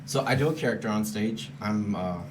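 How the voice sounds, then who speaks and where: A man's voice: on the low side, a little fast, slight background noise. A man from Romania, a comedian, telling a story in a casual interview, laughing often. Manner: laughing storyteller, self-deprecating. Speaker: comedian guest.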